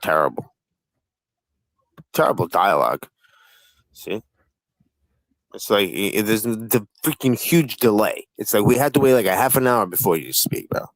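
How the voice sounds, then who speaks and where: A man hosting a live-stream panel in casual chat. He swears constantly and needles the other guests with rapid-fire questions. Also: on the low side, animated, no echo, rough recording.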